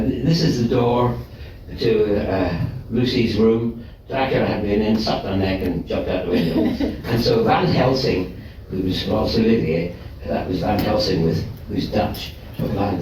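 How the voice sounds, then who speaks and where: An older man, a guest actor, telling animated stories at a live event, often chuckling and breaking off mid-sentence to restart. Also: mid-range voice. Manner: animated, chuckling, self-interrupting storyteller. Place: live event venue with audience. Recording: very echoey live room from far off, faint noise.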